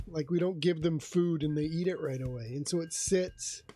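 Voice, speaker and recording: A man's voice: a little high, moderate pace. A man streaming a game and chatting casually with viewers, laughing often as he tells stories. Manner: chatty, laughs often, talks softly to his cat. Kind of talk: casual livestream chat while gaming. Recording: game music playing behind.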